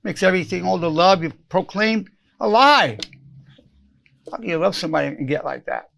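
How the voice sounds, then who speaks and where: A man's voice: sits high, expressive, normal speed, gravelly, fairly bright tone. A man in his eighties, a psychologist giving an earnest spoken self-help lesson, repeating lines for emphasis and acting out quoted phrases. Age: 80s.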